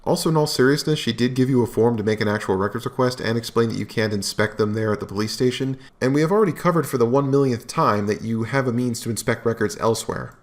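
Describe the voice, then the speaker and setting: A man's voice: mid-range voice, fast, hardly any pauses. A man hosting a commentary video, talking in a mocking, sarcastic way. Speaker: commentary host.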